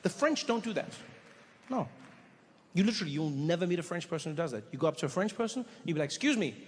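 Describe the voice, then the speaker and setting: A man doing stand-up storytelling on stage into a handheld mic, animated and breaking into quick voices for the people in his stories. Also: a little high, in a large hall. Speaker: stand-up comedian.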